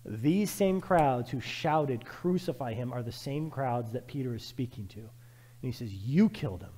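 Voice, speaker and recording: Fervent preacher in a reverberant hall. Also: male voice, mid-range voice, measured pace. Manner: emphatic, repetitive, shifts from loud urging to quiet reflection. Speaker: pastor. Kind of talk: sermon.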